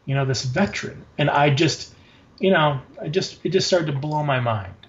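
A man talking casually and excitedly in an interview, rambling with many fillers and frequent swearing. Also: fairly high pitch, normal speed, lo-fi sound. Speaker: guest, designer and notebook maker.

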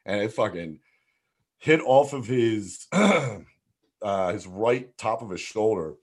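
A man's voice: lowish voice, takes it slowly, slightly rough. A man telling a wild story in casual chat, swearing freely and acting out what people said. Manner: animated, swears constantly, acts out quotes.

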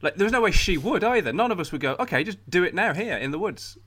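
Bright-voiced man telling a story. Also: sits high, fast. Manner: animated storyteller, laughs often. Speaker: podcast co-host telling a story. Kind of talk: casual comedic chat.

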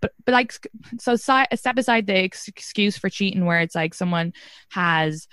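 A woman's voice: mid-range voice, normal speed, fairly bright tone, clean tone, dry recording, studio quality. A woman in a casual podcast chat, talking in loose rambling sentences. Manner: rambling, many fillers and restarts. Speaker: podcast guest or host.

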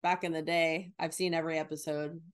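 A woman's voice: low-pitched, fairly quick, clear, resonant tone. A woman from New Jersey and New York, chatting casually as a podcast co-host in a rambling, laughing way. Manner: rambling, animated, laughs often. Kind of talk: casual chat.

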